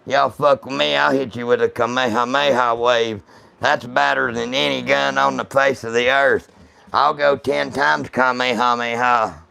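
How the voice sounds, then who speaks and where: A man runs a casual livestream with rough, profane banter for his viewers. His voice is heavily gravelly yet bright and clean, and he takes his time with every phrase. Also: mid-range voice, fairly even intonation, measured pace. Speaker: gun channel livestream host.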